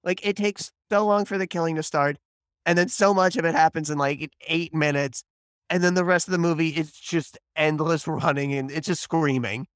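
A man from the northern United States co-hosting a casual movie review podcast, blunt and animated, swearing casually. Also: on the high side, normal speed, clear, resonant tone, no room sound, clean studio sound. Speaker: podcast co-host.

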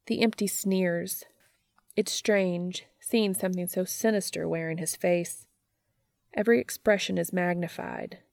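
A woman narrating a fan fiction story aloud in a steady, even storytelling manner. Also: lowish voice, measured pace, vocal fry, no room sound, studio quality.

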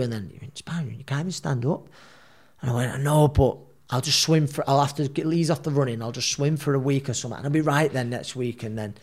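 A man recounting an episode from his life, a working boxer talking loosely and at length. He restarts sentences and slips into the voices of the people he quotes. His pitch sits in the ordinary middle for a man. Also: darkish tone. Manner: rambling, re-enacts dialogue. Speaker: professional boxer. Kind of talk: casual storytelling.

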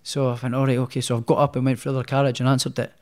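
He races along at medium pitch, barely shifting his pitch at all. This Scottish man is a professional boxer guesting in an interview, telling his story in a rambling, self-deprecating manner packed with fillers and restarts.

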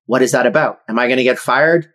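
A man who is an entrepreneur and podcast guest, explaining his views in a measured way. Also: mid-range voice, a bit bright. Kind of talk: casual interview chat.

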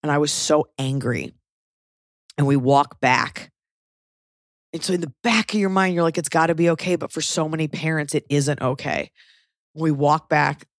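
A podcast host in her thirties speaks in a low voice at a moderate pace, pausing often as she tells a rambling story heavy with fillers and swear words. The studio-quality recording has no room sound.

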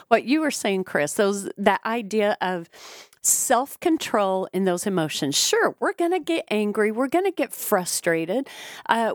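A middle-aged woman co-hosting a podcast, speaking in a measured, supportive way and quoting scripture. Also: mid-range voice, dry recording, studio quality. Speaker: podcast co-host. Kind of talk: casual conversational podcast.

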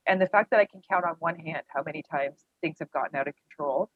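A woman's voice: deep voice, quick pace, slightly rough, no echo. Candid woman guest, rambling storyteller, thin phone-line audio. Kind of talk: personal storytelling interview. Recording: dry tinny phone-like line.

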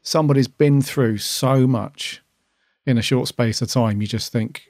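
A man's voice: medium pitch, unhurried, a little mellow, no echo, studio quality. A man co-hosting a casual podcast review, talking earnestly and at length about what moved him. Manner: earnest, emotional, rambling. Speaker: podcast co-host.

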